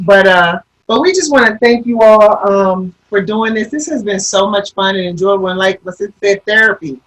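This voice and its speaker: A woman's voice: mid-range voice, moderate pace, fairly bright tone. A mother talking in an earnest, reassuring way in a casual panel chat. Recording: voice a bit distant from the mic.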